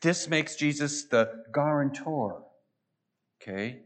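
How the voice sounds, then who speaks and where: A man's voice: on the high side, animated, takes it slowly. A man preaching a sermon, emphatic, swelling and dropping his voice and repeating phrases for stress. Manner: emphatic, rising and falling for stress.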